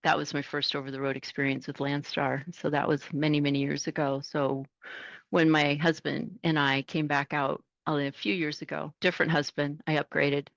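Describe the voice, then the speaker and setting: A woman's voice: deep voice, level tone, moderate pace, gravelly, no echo, lo-fi sound. A middle-aged woman, a truck driver, telling stories in a casual interview and animatedly acting out the voices she quotes.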